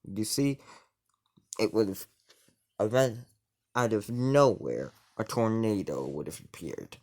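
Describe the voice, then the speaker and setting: A man's voice: fairly low pitch, lively intonation, slow, darkish tone. A man improvising a fantasy story in casual narration, rambling, with frequent restarts and self-corrections.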